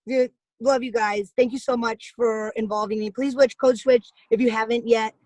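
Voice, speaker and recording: A woman's voice: on the high side, steady tone, normal speed, a little mellow, no room sound, poor audio. A young woman on a video call, giving a rambling, jokey comic monologue with big swings of voice. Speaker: comedian guest on video call.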